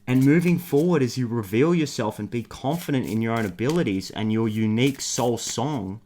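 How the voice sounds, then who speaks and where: A man's voice: medium pitch, moderate pace, a little mellow, slight background noise. A man hosting a tarot card reading video, talking straight to his viewers in an enthusiastic, affectionate, rambling way. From Australia. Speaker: tarot reader.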